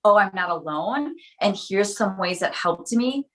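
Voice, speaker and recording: Candid podcast guest, woman in her late thirties, mid-range voice, open and lively delivery. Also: mid-range voice, unhurried. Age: late 30s. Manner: open, frank and animated, laughs often. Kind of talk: candid conversational storytelling.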